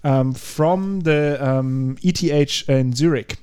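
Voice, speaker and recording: A man co-hosting a casual podcast, presenting a science paper with halting speech and frequent laughs. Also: a little high, mellow, smooth. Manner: halting, laughs often, stumbles over words. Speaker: podcast co-host.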